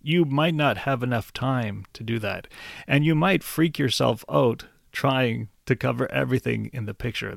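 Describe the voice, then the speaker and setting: A man's voice: mid-range voice, vocal fry, dry recording, clean studio sound. A man teaching test-taking strategies in a patient, encouraging way, putting questions straight to the viewer. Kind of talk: instructional explainer.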